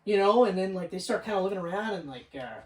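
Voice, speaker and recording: A man co-hosting a casual movie review podcast, talking excitedly, swearing freely and acting out scenes in quoted voices. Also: high-pitched, fast talker. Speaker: podcast co-host. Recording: roomy room, far from mic.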